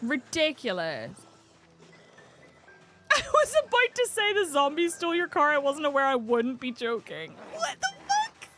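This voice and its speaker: A young woman streaming a video game live, chatting and swearing with excitable, laughing reactions. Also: high voice, normal speed, pauses often, over music. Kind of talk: live gameplay commentary.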